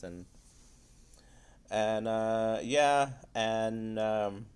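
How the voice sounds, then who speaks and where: A man's voice: fairly low pitch, takes it slowly, pauses often. A man giving a casual spoiler review of a film, loose and rambling, with frequent swearing.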